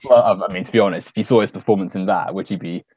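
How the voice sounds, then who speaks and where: A man's voice: deep voice, racing, lo-fi sound, noisy background. A man hosting a stream, chatting casually and rambling with a lot of fillers while he keeps laughing. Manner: giggly, rambling, lots of fillers. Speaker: stream host. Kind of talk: casual chat.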